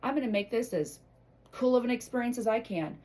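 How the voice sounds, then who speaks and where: Fiery, animated woman giving a pep talk. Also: a little high, fairly quick, poor audio. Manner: blunt, emotional, swears freely. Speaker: motivational vlogger. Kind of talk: impassioned motivational monologue.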